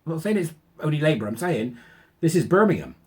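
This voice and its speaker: Animated, sarcastic man ranting. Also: a little high, quick pace, slightly rough. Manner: animated, sarcastic, incredulous asides. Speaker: channel host. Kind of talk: ranting commentary on news.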